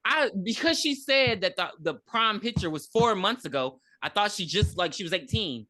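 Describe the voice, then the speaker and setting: Lively, bright-voiced woman recapping a film. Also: medium pitch, normal speed. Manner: recaps plot with blunt profane asides. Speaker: podcast co-host. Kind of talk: casual movie review chat. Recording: audio podcast.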